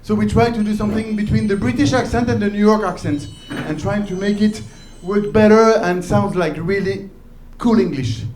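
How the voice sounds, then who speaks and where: A high-voiced man with a French accent performs stand-up in an echoing basement club. His English comes haltingly, with pauses as he hunts for words. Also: a little mellow. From France. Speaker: stand-up comedian. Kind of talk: stand-up set. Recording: echoey basement club with crowd.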